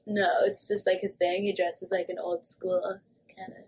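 A woman's voice: fairly low pitch, level tone, unhurried, a little mellow, a little hiss or hum. A woman co-hosting a podcast, chatting casually about celebrity news with lots of fillers and swearing. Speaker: podcast co-host. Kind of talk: casual pop-culture chat.

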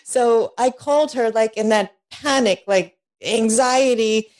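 Middle-aged woman, podcast guest, candid storyteller, slightly high voice, laughs easily. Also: measured pace. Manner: animated, laughs often, acts out quoted voices. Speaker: guest, divorce coach.

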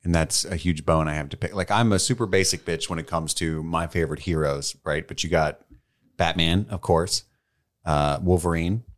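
A man with a very low, deep voice, co-hosting a casual podcast. He talks in a wry, chatty and self-deprecating way. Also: steady tone, normal speed. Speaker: podcast co-host. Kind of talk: casual chat.

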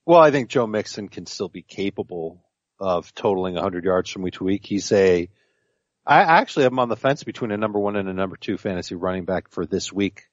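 A man's voice: sits low, animated, a little fast, no room sound, dull audio. A man co-hosting a fantasy football podcast, arguing his picks emphatically and confidently in casual chat. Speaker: podcast co-host.

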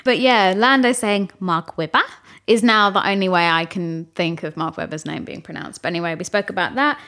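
Casting: young female podcast host, solo, chatty and excitable, laughs mid-sentence. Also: medium pitch. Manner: chatty, enthusiastic, laughs while talking. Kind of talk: casual solo podcast chat.

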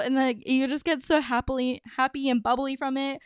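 A young adult woman hosting a podcast, telling stories in a chatty, excitable way with lots of fillers. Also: high-pitched, fairly quick, smooth, no room sound. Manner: chatty, many "like"s, bubbly and excitable. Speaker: podcast host. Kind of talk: casual storytelling monologue.

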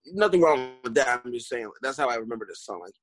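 A man's voice: medium pitch, quick pace, faint music behind, low-quality recording. A young man from New York, raised in Philadelphia, chatting casually and joking with opinionated takes. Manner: opinionated, joking, bursts of excitement. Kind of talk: casual chat.

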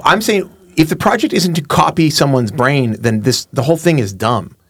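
A man's voice: a little high, animated, normal speed, breathy edge. A man co-hosting a podcast in casual, argumentative chat, constantly cutting in on the others. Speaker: podcast co-host.

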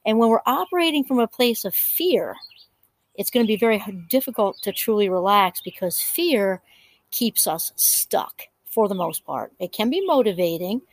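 A woman's voice: mid-range voice, big pitch swings, moderate pace, dry recording. A woman in her fifties talking through a casual, reflective solo monologue, rambling with frequent fillers and restarts. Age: 50s. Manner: rambling, full of "you know" and restarts.

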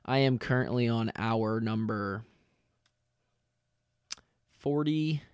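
A young man hosting his own podcast in casual chat, tired and lightheaded from fasting, rambling and correcting himself with lots of fillers. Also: medium pitch, a little mellow, clean tone, no echo, clean studio sound. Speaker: podcast host. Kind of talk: casual solo podcast talk.

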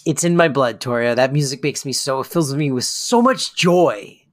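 A man's voice: mid-range voice, normal speed. A man co-hosting a podcast, chatting casually and gushing about an episode. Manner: enthusiastic, gushing praise. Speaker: podcast co-host.

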